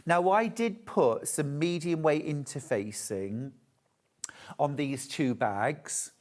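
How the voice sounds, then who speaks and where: A man's voice: a little high, slow pace, a little mellow. A man presenting a live shopping channel show, chatty and gushing as he demonstrates fabrics. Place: TV shopping studio.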